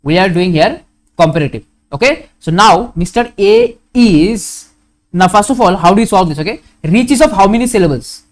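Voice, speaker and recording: A man with an Indian English accent teaching a grammar lesson, going slowly and repeating his examples, often asking a question and then answering it himself. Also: high voice, expressive. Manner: slow, repetitive, asks questions and answers them.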